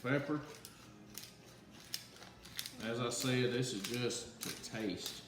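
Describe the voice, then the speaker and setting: A man's voice: medium pitch, takes it slowly, noisy background. Folksy man cooking in echoey kitchen. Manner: folksy, chatty, talks straight to viewers. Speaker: home cooking video host. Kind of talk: casual cooking demonstration. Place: home kitchen. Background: whisking and cooking sounds.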